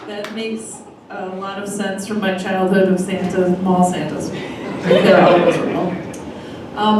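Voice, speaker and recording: Casual woman hosting a live event. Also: medium pitch. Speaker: event host. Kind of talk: introducing speakers at a live event. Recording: echoey room from far off with noise.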